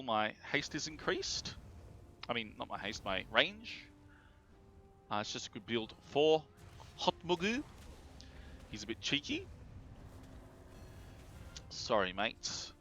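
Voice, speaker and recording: A man's voice: medium pitch, sing-song, slow pace, creaky, long pauses, bright, forceful tone. A man with an Australian accent giving chatty, sweary live commentary while he plays a game. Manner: chatty, swears freely, reacts aloud to the game. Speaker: game streamer. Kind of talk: casual live gameplay commentary. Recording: dull lo-fi stream audio with game music.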